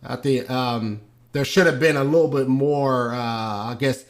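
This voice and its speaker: A young male host with a medium-pitched voice talks through a video clip casually and without a script. He hesitates a lot, filling gaps with "um" and restarting sentences as he goes.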